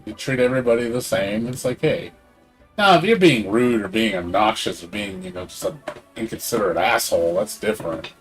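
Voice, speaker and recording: Lowish-voiced middle-aged guy on stream, rambly and sweary, faint game music behind. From Hispanic background. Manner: rambling, swears freely, fillers. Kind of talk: casual chat while streaming a game.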